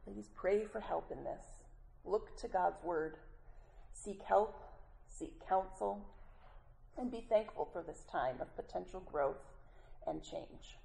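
A woman teaching a women's Bible study, chatty and warm with the group, laughing between points and often correcting herself mid-sentence. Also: lowish voice, gravelly, low-quality recording.

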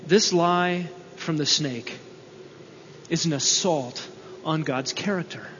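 A man's voice: a little high, slow pace, fairly bright tone, slight background noise. A male preacher giving a sermon, emphatic, repeating key lines and asking rhetorical questions. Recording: dull sound with long hall reverb.

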